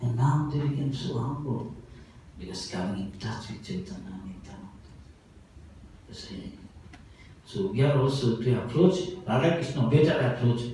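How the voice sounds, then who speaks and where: A male monk tells a story as part of a sermon, animated and often laughing as he goes. His voice sits in the middle range and comes from some distance away. A big echoing hall and a faint background hum surround it. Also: mid-range voice, normal speed. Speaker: monk giving a talk. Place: festival hall. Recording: very echoey hall, voice from far off.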